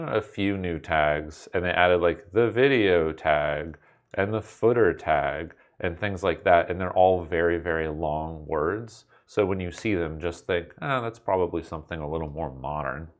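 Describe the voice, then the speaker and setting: A man teaching a recorded coding lesson at his computer, in a playful, wry way with jokey asides to the viewer. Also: low-pitched. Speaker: instructor.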